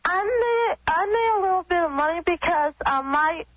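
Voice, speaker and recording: A woman on a radio show doing a mock phone-sex bit, talking in halting, repetitive, simple phrases. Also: very high-pitched, animated, no echo. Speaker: show regular. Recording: muffled radio broadcast audio.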